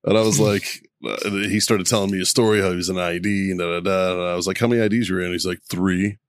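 Low-voiced man telling stories. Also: fairly even intonation, fast, no room sound, studio quality. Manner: profane storytelling, acts out both sides of phone calls. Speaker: podcast co-host. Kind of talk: casual chat.

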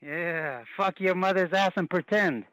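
Bright, mocking hotel clerk man. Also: sits high, measured pace, dry recording, rough recording. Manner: mocking, trading insults. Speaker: hotel front desk clerk.

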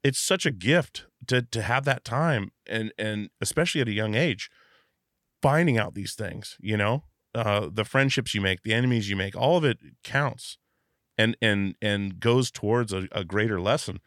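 Low-voiced reflective podcast host. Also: male voice, moderate pace, fairly bright tone, dry recording, clean studio sound. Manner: reflective, rambling, many restarts. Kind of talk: casual interview. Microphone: video call.

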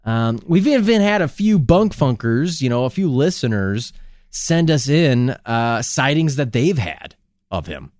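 A man's voice: medium pitch, very animated, unhurried, a little mellow, no echo, clean studio sound. A man from Minnesota co-hosting a podcast, rambling in casual comedic banter and laughing often. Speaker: podcast co-host.

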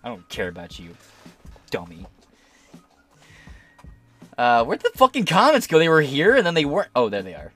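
A man's voice: on the high side, wildly swooping pitch, moderate pace, long pauses, fairly bright tone, faint music behind. A man hosting a podcast, giving crude, sarcastic live-stream commentary. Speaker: podcast host.

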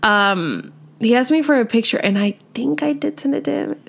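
Chatty young woman, high voice. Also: normal speed, gravelly. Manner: animated, chatty, full of "like" and "literally". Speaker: vlogger. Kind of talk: storytime vlog.

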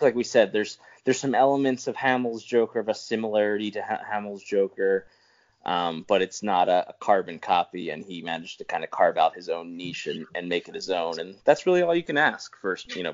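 A man's voice: deep voice, a little fast, highs cut off. A man co-hosting a podcast in casual chat, rambling with restarts and chuckles. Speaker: podcast co-host.

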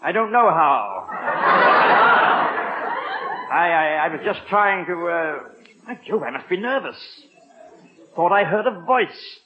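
An actor with an English accent playing a nervous, prim butler who stammers and chuckles to himself. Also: male voice, high-pitched, expressive, moderate pace, background noise. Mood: flustered. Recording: dull old radio recording.

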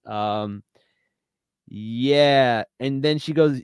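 A man's voice: medium pitch, clean tone, no room sound, clean studio sound. A man co-hosting a podcast, retelling a dating show finale in casual chat, laughing a lot and acting out the quotes. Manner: animated storytelling, laughs often, quick reenacted quotes. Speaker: podcast co-host.

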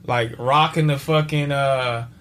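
A man, a podcast guest and father, telling stories in casual chat with profane slang, vocal sound effects and sudden shouted bursts. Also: medium pitch, steady tone, unhurried.

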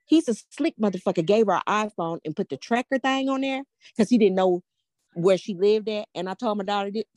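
An older woman hosts a casual show and tells a story with plenty of swearing. She builds suspense with rhetorical questions. Her voice sits at a middle pitch and sounds dry and close to the mic. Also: a little fast, darkish tone, no echo. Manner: blunt, profane, emphatic, keeps asking rhetorical "guess what". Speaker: podcast host. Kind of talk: casual storytelling to a live audience.

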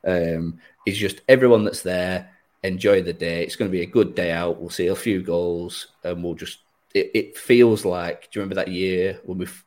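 A man's voice: low-pitched, steady tone, moderate pace, a little mellow, rough recording. A man hosting a podcast, chatting casually about football with a rambling, easygoing manner and frequent laughs. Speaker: podcast host.

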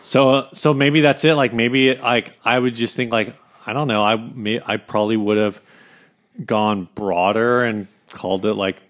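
A man's voice: mid-range voice, steady tone, measured pace. A man co-hosting a casual guitar podcast, rambling with restarts and dry jokes. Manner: rambling, many restarts and fillers, joking. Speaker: podcast co-host. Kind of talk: casual chat about guitars.

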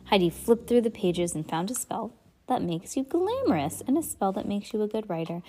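A woman reading a children's chapter book aloud at home, expressive and chatty, with playful asides to a young listener. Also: mid-range voice, moderate pace, a little hiss or hum. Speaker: reader of children's books.

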